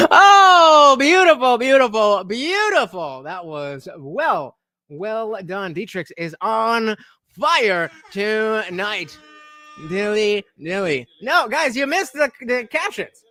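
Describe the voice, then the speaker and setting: Guy streaming hype voice, shouts and curses then mumbles, bouncy and bright. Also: high-pitched, sing-song, slow, no echo. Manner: hyped, shouty, profane, swings to mumbling asides. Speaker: live streamer. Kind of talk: casual live-stream chat.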